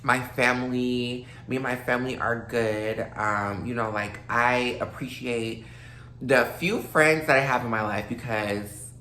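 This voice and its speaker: A woman in her late twenties talks loosely to her viewers, full of fillers and asides, slightly slurred from a drink. Her voice is bright and forward. The room is echoey, with a faint hum behind her. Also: very deep voice, unhurried. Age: late 20s. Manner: loose, rambling, many fillers, addresses viewers as y'all. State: a little tipsy, slightly slurred. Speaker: vlogger. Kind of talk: casual rambling monologue to camera.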